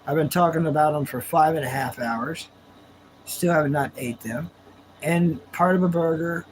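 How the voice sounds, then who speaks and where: Here the same kind of home livestream comes through poor audio with a little background noise: a man with a slightly high voice casually talks with viewers, laid-back and drawling, laughing frequently.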